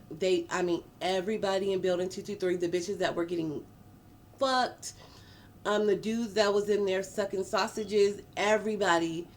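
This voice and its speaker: A woman telling a personal story in a casual storytime vlog, animated and profane, dragging out words for emphasis. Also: mid-range voice, slight background noise. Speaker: vlogger.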